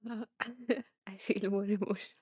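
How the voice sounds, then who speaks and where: Soft, emotional woman host on a live stream. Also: mid-range voice, fairly even intonation, slightly rough, no room sound, studio quality. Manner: tearful, laughing, soft and halting.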